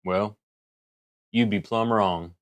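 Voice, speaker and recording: A man's voice: fairly low pitch, steady tone, takes it slowly. A man voicing a folksy male cowboy storyteller in a put-on Western cowboy drawl.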